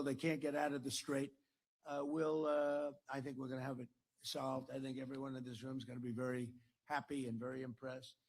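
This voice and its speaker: An older American man speaks at a podium in a dinner hall. His voice is gravelly and a little husky, set somewhat high for a man. He rambles, circles back on phrases and boasts as he goes. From United States. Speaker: political speaker. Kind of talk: after-dinner speech.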